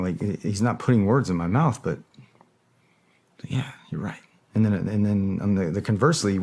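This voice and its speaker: Middle-aged guy on a podcast interview, lowish voice, open and thoughtful, hunting for words. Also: a little mellow. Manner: reflective, searching for words. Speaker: interview guest, former special operator. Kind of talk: candid long-form interview talk.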